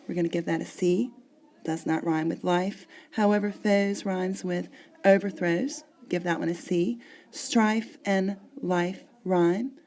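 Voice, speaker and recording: A woman teacher talks her class through a lesson one step at a time, breaking things down slowly. Her voice sits fairly low and has a gravelly, fry-tinged edge. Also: mellow. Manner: explains step by step, marking syllables. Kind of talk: classroom lecture.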